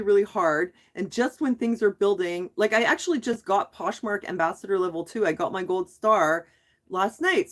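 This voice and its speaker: A middle-aged woman talking on a live stream, venting her frustration in a rambling way, with restarts and trailing sentences. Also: medium pitch. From Canada. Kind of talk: casual live stream chat.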